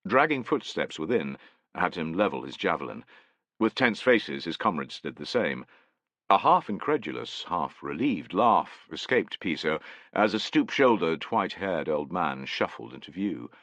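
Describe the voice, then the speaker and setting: Low-voiced guy reading a war epic audiobook, super lively pitch, close dry mic. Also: moderate pace, no room sound. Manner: expressive, voices each character. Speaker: audiobook narrator. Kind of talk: dramatic audiobook narration.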